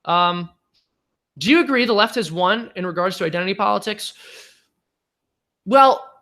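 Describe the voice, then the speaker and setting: Man, live-stream host, casual chat, rambling, high voice, bright tone. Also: expressive, normal speed. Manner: long-winded, rambling, self-deprecating.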